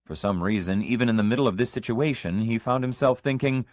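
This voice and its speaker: A man narrating an audiobook of short stories in an expressive storytelling manner. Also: on the low side, fairly quick, few pauses, no echo, studio quality.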